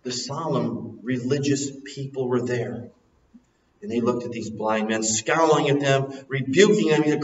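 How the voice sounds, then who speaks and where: A man preaching a sermon, dropping soft and low, then rising loud and emphatic. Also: unhurried. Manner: swings from soft and low to loud and soaring, sings a hymn line. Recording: echoey hall, recorded from a distance, muffled.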